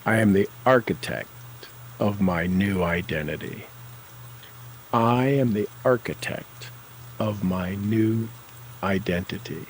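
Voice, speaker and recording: A man leading a guided tapping session, calling out tapping points and repeating affirmations with slow, deliberate coaching cues. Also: fairly low pitch, a little hiss or hum, low-quality recording.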